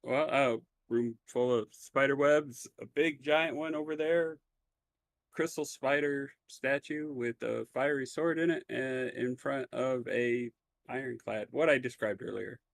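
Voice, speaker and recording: A man's voice: medium pitch, steady tone, unhurried, creaky, dry recording. A man running a tabletop game as game master, describing the scene in a laid-back, easygoing way with plenty of fillers.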